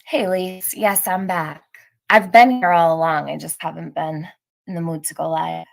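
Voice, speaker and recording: A woman's voice: fairly low pitch, steady tone, moderate pace, gravelly. A woman hosting a live stream, chatting casually with viewers and reading out their comments, laughing often.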